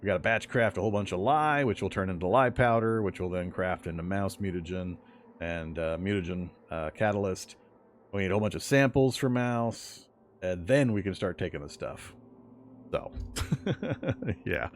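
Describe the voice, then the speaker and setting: A man's voice: sits low, moderate pace, slight background noise. A man giving casual, rambling commentary on his survival game run, often chuckling and correcting himself mid-sentence. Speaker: game streamer.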